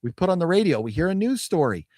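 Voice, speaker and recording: A man's voice: high voice, big pitch swings, quick pace, a little mellow, dry recording, clean studio sound. A man co-hosting a podcast, chatting casually about a movie with rambling restarts and laughs. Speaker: podcast co-host. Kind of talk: casual movie review chat.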